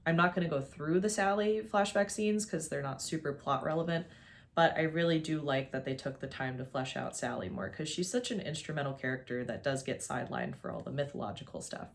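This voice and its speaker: A woman's voice: sits low, brisk. A young woman in a casual, opinionated video essay, chatty and full of "like"s, talking to a camera at home. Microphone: facing a camera.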